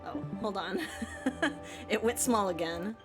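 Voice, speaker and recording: A woman's voice: mid-range voice, slow pace, over music. A woman streaming a video game live, chatting casually with a giggly manner and reading the game text aloud.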